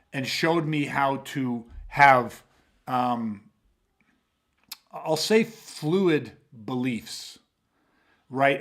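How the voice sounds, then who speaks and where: A man's voice: mid-range voice, fairly bright tone. A man hosting a podcast about self-defense, telling stories animatedly with lots of swearing and restarts. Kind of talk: casual podcast talk.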